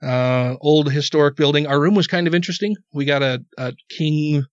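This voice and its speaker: Hosting a podcast, a man tells a rambling story in casual chat, cursing freely and repeating words when he gets worked up. His voice is a little high and brisk with fairly even intonation and a clean tone, and the dull, dry podcast audio has no echo.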